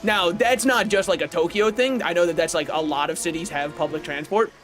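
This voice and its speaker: High-pitched young American male streamer, rambling casual chat with excitable outbursts, soft music underneath. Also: fairly quick. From United States. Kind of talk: casual gaming livestream chat.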